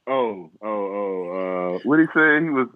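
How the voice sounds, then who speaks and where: A man's voice: on the low side, lively intonation, a little slow, no echo, narrow, tinny audio. A man co-hosting a casual chat, telling stories in a laid-back way and laughing a lot.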